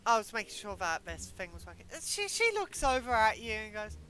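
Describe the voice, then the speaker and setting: Woman game master for a tabletop game, bright, lively voice, halting narration, faint hum. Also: mid-range voice, rough recording. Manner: halting, self-correcting, joking.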